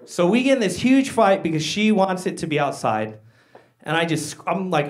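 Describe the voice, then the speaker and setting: High, animated male stand-up comic. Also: moderate pace. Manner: excitable, slangy, addresses crowd as guys and dude. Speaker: stand-up comedian. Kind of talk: stand-up comedy set. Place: comedy stage before a live audience.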